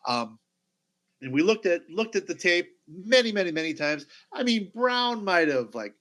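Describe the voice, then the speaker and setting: A middle-aged man co-hosting a sports podcast, talking casually and haltingly with many fillers and restarts. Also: high voice, very animated, a bit bright, rough recording. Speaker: podcast co-host.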